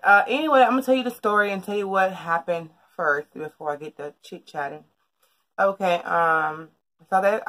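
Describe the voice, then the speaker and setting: A woman's voice: low-pitched, pushed and bright. A young woman telling a personal story in a casual, rambling vlog from her bedroom, full of fillers and restarts. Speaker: vlogger. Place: bedroom at home.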